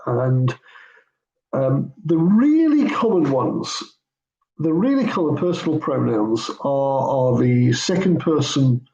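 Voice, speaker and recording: Slow, gravelly-voiced man teaching Greek. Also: medium pitch, sing-song, dark tone, highs cut off. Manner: hesitant, many ums and self-corrections. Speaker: pastor teaching biblical Greek. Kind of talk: informal teaching walkthrough. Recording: roomy echo.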